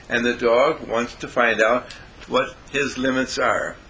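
A man telling a story in an animated way, acting out the quotes and drawing a lesson from it. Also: medium pitch, a little slow, a little hiss or hum, rough recording. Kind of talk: storytelling talk with moral.

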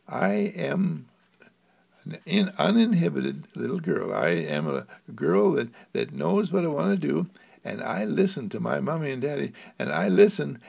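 A man voicing a cheerful, uninhibited ten-year-old girl in a children's story, in a lively sing-song childlike manner. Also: fairly high pitch, gravelly, husky, pitched above the performer's own voice, exaggerated voice.

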